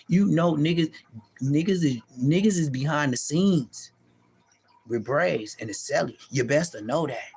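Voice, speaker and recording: A middle-aged man delivering a profane, taunting callout rant to the camera, animated and mocking. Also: a little slow, vocal fry, slight background noise. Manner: animated, profane, taunting, pitch leaping high in mocking bursts. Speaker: street vlogger.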